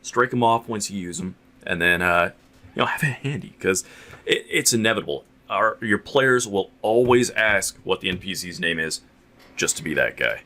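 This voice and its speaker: A man's voice: fairly low pitch, animated, moderate pace, bright, forceful tone. A man chatting casually on a podcast, laughing often and agreeing eagerly.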